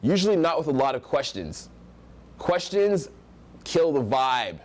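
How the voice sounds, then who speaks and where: A man's voice: a little high, big pitch swings, a little slow. A young American man teaching social skills at a live seminar, projecting his voice with energy and acting out example voices. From United States.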